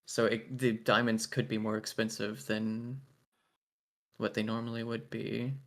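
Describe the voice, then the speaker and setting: A small, adorable cleric in a tabletop game, hesitant and careful with words, as a man plays him in his own voice. The voice sits low, with a gravelly fry and an even, unhurried delivery. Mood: cautious. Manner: hesitant, hedging, lots of uh.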